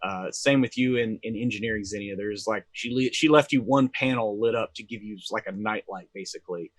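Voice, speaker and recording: A man's voice: on the low side, a little fast, dry recording. A man narrating and running a tabletop role-playing game as game master, talking casually with many fillers.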